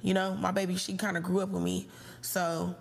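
A woman's voice: fairly low pitch, level tone, brisk, vocal fry. A woman hosting a casual live call-in show, talking in a slangy, candid way and laughing often. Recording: long reverberant room echo.

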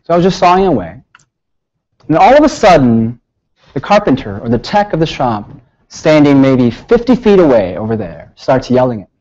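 A man giving a public lecture, telling stories with lively rhetorical questions. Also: mid-range voice, fairly quick, dull audio. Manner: animated storytelling with rhetorical questions. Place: lecture hall.

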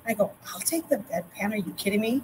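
A middle-aged woman, a master gardener guest, chatting casually and telling lively anecdotes. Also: medium pitch, quick pace, slight background noise, rough recording. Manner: lively anecdotes, acts out quotes. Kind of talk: casual storytelling chat.

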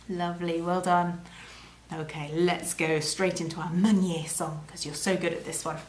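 A woman teaching French to young children, talking in a gentle sing-song way. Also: fairly low pitch, little pitch movement, normal speed, reverberant. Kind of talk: children's language lesson.

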